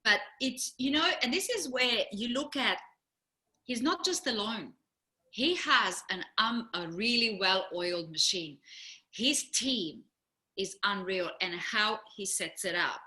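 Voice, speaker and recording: Animated, laughing woman telling a story. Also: medium pitch, measured pace, echoey room. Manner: animated storyteller, laughs often, acts out quotes. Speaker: co-host. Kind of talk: casual chat.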